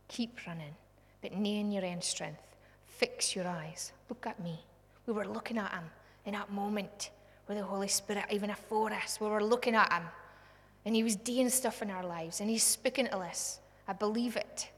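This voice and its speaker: A woman with a Scottish accent preaching a sermon, fervent, swinging from hushed to loud. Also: medium pitch, steady tone, normal speed. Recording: long hall reverb.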